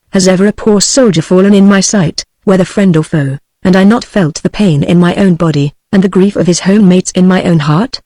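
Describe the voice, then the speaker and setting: A text-to-speech voice reading the lines of a gentle young peasant woman turned warrior, as a plain synthetic reading with no voice change. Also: medium pitch, no room sound, natural voice.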